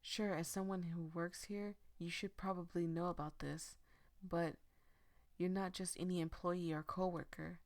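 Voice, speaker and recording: A woman's voice: on the low side, steady tone, a little slow. Woman reading as a teasing friendly coworker. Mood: reassuring. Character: friendly, teasing young male lab coworker.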